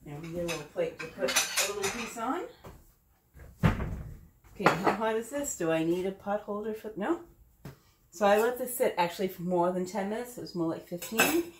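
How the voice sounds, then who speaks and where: A woman's voice: mid-range voice, normal speed, heavy background noise. A woman hosting a casual recipe demo, chatty and thinking aloud as she tastes her dish. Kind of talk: casual cooking demo talk. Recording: echoey kitchen. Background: clinking dishes and cutlery.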